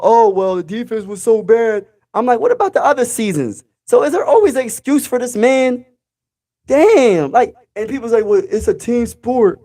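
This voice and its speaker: Brief: male livestream host, slightly high voice, animated fan rant, repeats himself. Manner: animated, emphatic, repeats phrases. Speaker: sports live-stream host.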